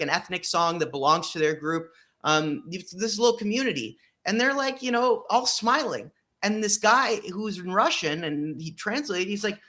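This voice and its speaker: A man's voice: sits high, bright, forceful tone. A man in casual podcast discussion, talking emphatically with frequent fillers and blunt profanity.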